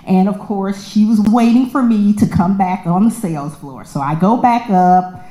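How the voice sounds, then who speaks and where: A woman shares a personal testimony as a casual story woven with scripture, speaking in a lively, conversational way. She acts out the voices of people she quotes and laughs often. Her medium-pitched voice moves at a moderate pace and rings through an echoey room.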